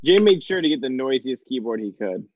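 A man's voice: mid-range voice, animated, a little fast, a little mellow, lo-fi sound. A man chatting and joking brashly while playing a game with friends in an online call. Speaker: co-player. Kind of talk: casual let's-play chat. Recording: noisy voice chat line.

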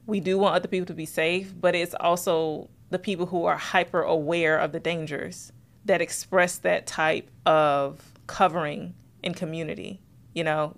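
A woman podcast co-host in casual chat, talking earnestly and building an argument. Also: fairly low pitch.

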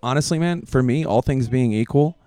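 A man's voice: mid-range voice, a little fast, mellow, clear, resonant tone. A man who is a comedian, chatting casually on a podcast, thinking aloud in long winding sentences with fillers.

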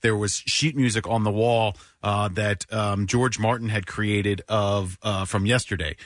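A man's voice: lowish voice, steady tone, unhurried, dry recording, studio quality. A man telling a story on a radio show in an earnest, reflective way. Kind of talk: casual conversational storytelling.

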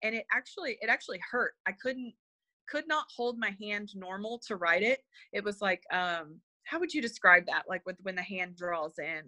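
Woman interview guest, sincere storyteller, hesitant and filler-heavy, sharp bright tone, dry recording. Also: mid-range voice, lively intonation, moderate pace, no room sound. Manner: hesitant, full of fillers and restarts; earnest and emotional. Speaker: interview guest, spiritual medium. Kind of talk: personal storytelling in conversation.

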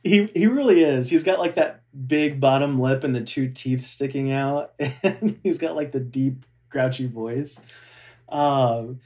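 A man's voice: mid-range voice, a little slow, hardly any pauses, dark tone. A man, a former theme park cast member, telling stories in casual chat with enthusiasm and frequent laughter. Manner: enthusiastic storyteller, laughs often.

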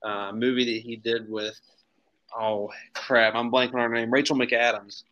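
A man's voice: medium pitch, flat delivery, moderate pace, muffled recording. A man co-hosting a sports podcast, chatting casually in an easygoing, joking way. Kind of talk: casual chat.

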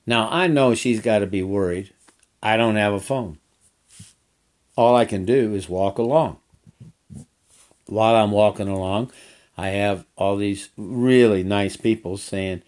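A man's voice: fairly low pitch, measured pace, pauses often, darkish tone. An older man who works as a horseback trail guide, telling a story in a folksy, rambling way and repeating phrases. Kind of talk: casual storytelling.

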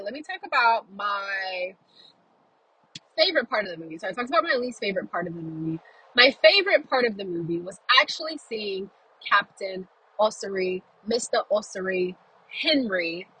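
Woman vlogger, talks in her car while driving, bright tense tone, breathy husky texture, chatty and animated. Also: medium pitch, rough recording. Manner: chatty and animated, with many "like"s and quoted reactions. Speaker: vlogger reviewing a film. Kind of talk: casual chatty review.

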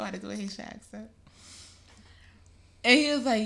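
A young woman co-hosting a casual podcast, her voice bright and forceful and sitting a little low. She tells animated, profane stories about her weekend. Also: unhurried, long pauses. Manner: animated storytelling, swears freely. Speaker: podcast co-host. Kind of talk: casual chat.

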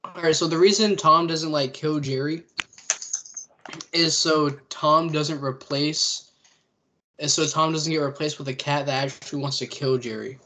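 Young man, fairly high voice, playful teasing, faint background noise. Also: fairly even intonation, sharp tone. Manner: playful, quick to tease. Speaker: podcast co-host. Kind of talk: casual chat.

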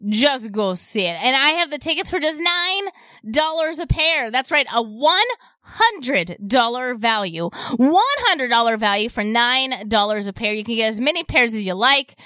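Bright, upbeat woman radio shopping host. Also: sits high, expressive, moderate pace, no room sound. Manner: upbeat, repetitive sales patter. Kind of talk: radio sales pitch and call-in chat.

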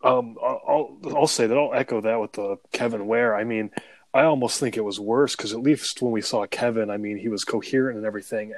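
A man's voice: fairly low pitch, no room sound. A man co-hosting a sports betting podcast, chatting casually and joking loosely. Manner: loose and joking, laughs through his bits.

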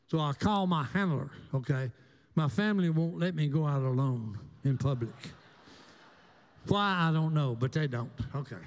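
An older man spins folksy tales in a high, animated voice. He drawls and acts out each character. His voice rings in a long reverberant hall. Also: moderate pace. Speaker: storyteller guest. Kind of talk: folksy storytelling.

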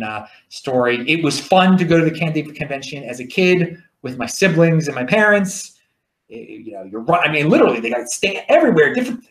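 A man with a Baltimore accent talks in a loose, rambling monologue, restarting his words as he goes. His voice sits a little high and swings widely in pitch. The room around him is echoey. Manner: chatty, repeats and restarts words. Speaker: livestream host.

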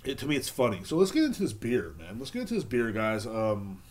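A man's voice: mid-range voice, huge pitch swings, fast. A man hosting a casual solo podcast, rambling, swearing often and turning sarcastic. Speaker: podcast host.

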